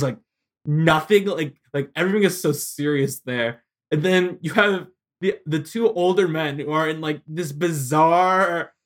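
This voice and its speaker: A man co-hosting a film podcast, chatting casually, laughing often and acting out scenes in quick bursts. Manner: animated, laughing, jumps between pitches, acts out scenes. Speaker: podcast co-host.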